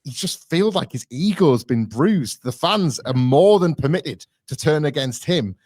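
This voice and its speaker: A man co-hosting a casual podcast, animated, acting out quotes in a rising voice. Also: a little high, a little slow, no echo, clean studio sound. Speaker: podcast co-host.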